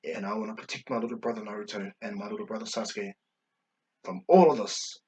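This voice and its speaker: A man voicing a solemn, dutiful young male ninja, speaking quietly and low-key. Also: fairly quick, distant mic, a little hiss or hum, close to an everyday voice.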